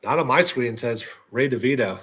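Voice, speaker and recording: A man's voice: medium pitch, animated, fairly quick, a bit bright, husky. A man chatting casually as a podcast guest, asking dry, amused questions. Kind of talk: casual chat.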